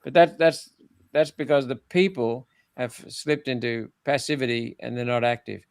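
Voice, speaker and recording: With a clear, resonant tone and a moderate pace, the older former senator speaks at medium pitch during a political interview where he's the guest. He is blunt and emphatic, often beginning phrases again, and there's no room sound.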